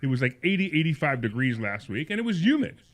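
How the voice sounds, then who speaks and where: Fast-talking man telling a rambling story. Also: a little high, sing-song. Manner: rambling anecdote, repeats words and restarts; grows heated and indignant as he tells it. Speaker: radio talk show host. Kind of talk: casual storytelling on a call-in show.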